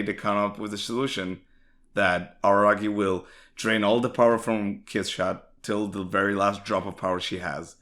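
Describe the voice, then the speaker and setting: A man with a very low voice co-hosts a casual discussion podcast. He gushes with enthusiasm, swears freely and strings thoughts together with plenty of filler words. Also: fairly bright tone. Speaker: podcast co-host.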